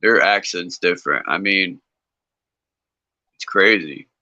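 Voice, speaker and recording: Bright-toned man, blunt and chatty. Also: low-pitched, slow, no room sound. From northeastern United States. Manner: blunt, swears casually, chatty. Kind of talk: casual chat. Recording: dry, dull lo-fi call audio.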